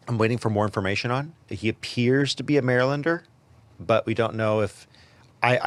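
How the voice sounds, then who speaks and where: A man's voice: on the low side, dry recording. A man hosting a podcast, giving opinionated commentary and often stammering into repeated words. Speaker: podcast host.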